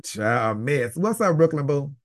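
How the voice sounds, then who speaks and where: A man's voice: fairly high pitch, measured pace. A man hosting a casual live chat with callers, telling stories bluntly, animatedly and with plenty of swearing. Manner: blunt, profane, animated storytelling. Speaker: host.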